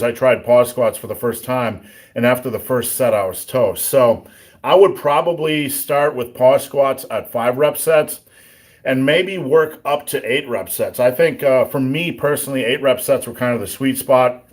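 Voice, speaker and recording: Male strength coach hosting live viewer Q&A, sore throat, frequent throat-clearing, blunt plainspoken answers with dry jokes. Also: medium pitch, a little slow. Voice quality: throat-clearing, a bit rough. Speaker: livestream host answering viewer questions. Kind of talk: casual live Q&A on strength training.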